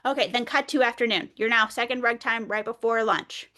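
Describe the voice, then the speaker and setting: High-pitched woman teacher, middle-aged, lively and playful, runs a workshop like she's talking to a room of little kids. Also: fairly quick, hardly any pauses. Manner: animated, playful teacher voice, role-plays speaking to children. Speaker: early childhood educator leading a webinar.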